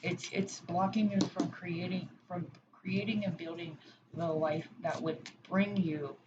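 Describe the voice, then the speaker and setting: Woman, oracle card reader, slow and gentle, reassuring, hesitant; muffled recording with audible noise. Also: lowish voice, fairly even intonation. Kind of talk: pick-a-pile card reading. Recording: dull lo-fi sound with background noise.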